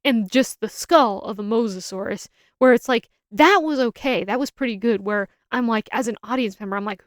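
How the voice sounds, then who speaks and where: A woman's voice: on the high side, moderate pace, no room sound, studio quality. A young adult woman giving a casual, opinionated film review, rambling and often restarting her sentences.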